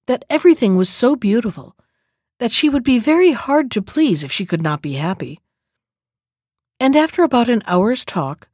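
A woman reading a fairy tale aloud in a calm, measured storybook manner. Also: fairly high pitch, no echo, clean studio sound.

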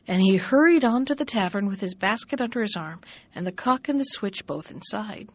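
A woman hosting a story show, reading a fairy tale aloud in a calm, measured way, in a dull lo-fi recording. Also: mid-range voice, no room sound. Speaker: storyteller host.

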